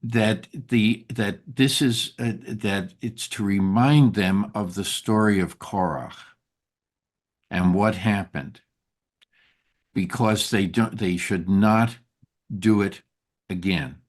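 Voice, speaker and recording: A man leading a group Torah study who is slowly losing his voice, talking in a halting way with many fillers and restarts. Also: on the low side. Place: synagogue study room.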